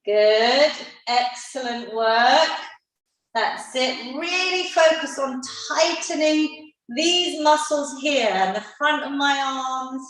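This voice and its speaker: A woman's voice: sits high, slow pace, a bit bright. A woman fitness instructor leading a live online seniors' workout class, encouraging everyone and counting down the reps. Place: indoor room, live video class. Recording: very echoey room, voice far from the mic.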